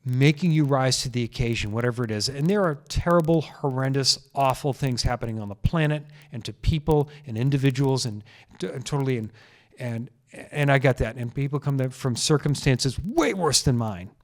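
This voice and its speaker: A chiropractor hosts a solo health podcast, talking into a microphone earnestly and casually while repeating key phrases for emphasis. His voice is medium-pitched and fairly quick.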